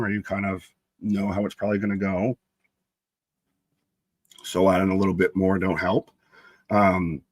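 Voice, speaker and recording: A man's voice: lowish voice, a bit bright, no room sound. A young man co-hosting a live wrestling stream, chatting casually and reading out viewer comments by name. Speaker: co-host of a live wrestling watch-along stream.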